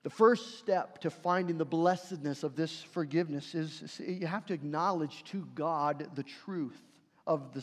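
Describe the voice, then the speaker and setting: A man preaching a sermon as a pastor, earnest, swinging between forceful passages and hushed ones. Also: high-pitched. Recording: long reverb of a large hall.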